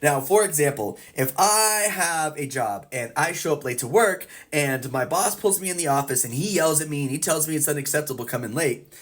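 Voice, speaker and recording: In an educational explainer video, a therapist covers a psychology topic using everyday examples. She acts out the inner thoughts of the people in them. Her mid-range voice is animated and brisk.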